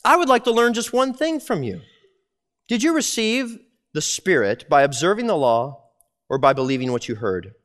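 A man preaching a sermon in a conversational, animated way, slipping into quick voiced asides. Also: sits high. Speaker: pastor.

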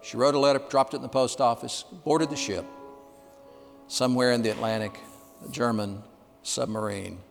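A man in his sixties preaching a sermon, telling stories with emphasis and dropping quiet for the key lines. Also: mid-range voice, steady tone, normal speed, vocal fry, in a large hall, over music. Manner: storytelling, emphatic, drops to quiet for punchlines. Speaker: pastor.

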